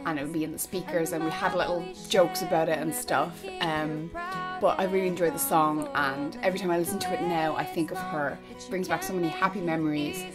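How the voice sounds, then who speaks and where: A woman's voice: low-pitched, steady tone, a little fast, over loud music. A young Irish woman chatting casually to camera as a vlogger, gushing and now and then dropping to a whisper. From Ireland.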